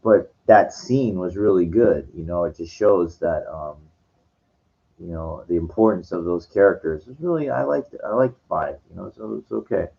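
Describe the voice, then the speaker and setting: A man's voice: low voice, normal speed, creaky, dark tone. A man casually retelling a film scene, rambling with many fillers and restarts. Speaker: vlogger. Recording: dull lo-fi recording.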